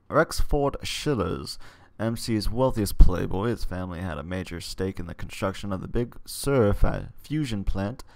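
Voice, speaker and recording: Casual gamer narrator, low and a little gravelly, reads game text and ad-libs jokes. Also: male voice. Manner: casual, self-correcting, joking asides. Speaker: channel host reading a game aloud. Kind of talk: reading a text game aloud with asides.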